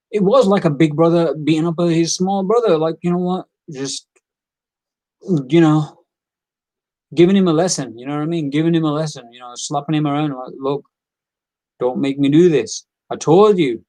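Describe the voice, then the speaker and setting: Male wrestling reviewer, a bit high-pitched, loose and repetitive delivery. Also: normal speed, long pauses, a little mellow, no room sound, poor audio. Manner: rambling, repeats himself, frequent fillers; acts out quoted lines in character. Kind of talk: casual opinionated review.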